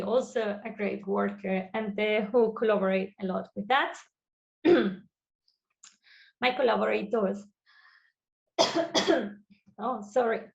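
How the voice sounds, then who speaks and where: A woman from Spain, presenting a research lecture over a video call in halting, full of fillers. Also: medium pitch, muffled recording. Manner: halting non-native phrasing with many fillers. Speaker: guest researcher.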